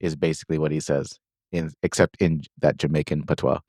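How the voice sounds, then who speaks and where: A man's voice: extremely low pitch, little pitch movement, brisk, darkish tone, no room sound, clean studio sound. A man co-hosting a podcast, casually retelling a movie's plot with lots of fillers and quoted lines. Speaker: podcast co-host recapping a film. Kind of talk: casual chat.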